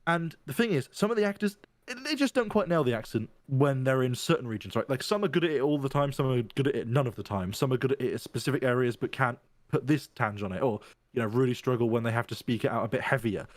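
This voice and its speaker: A man's voice: medium pitch, expressive, fast, dry recording. A man in casual podcast chat, thinking aloud and rambling through restarts as he argues his point.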